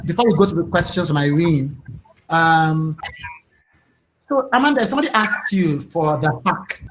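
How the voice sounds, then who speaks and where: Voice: mid-range voice, slight background noise, rough recording. An interview host on a video call, who affirms the guests and explains points with examples. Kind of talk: interview hosting.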